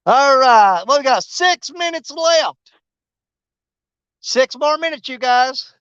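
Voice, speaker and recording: A man with an extremely high, expressive voice speaks at a slow pace, sounding a bit bright and smooth on a dry, lo-fi recording. He hosts an outdoor fishing stream from a riverbank, chatting in a rambling way with viewers and poking fun at the fish.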